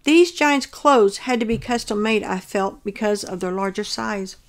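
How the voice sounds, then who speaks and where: A woman earnestly reading aloud a detailed account of her own dream in a measured, descriptive way. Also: medium pitch.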